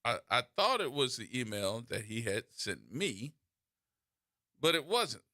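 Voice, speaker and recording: A man hosting a call-in radio show, telling stories in an animated way with repeats and restarts, into a studio microphone. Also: mid-range voice, unhurried, no echo. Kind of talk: call-in talk radio monologue.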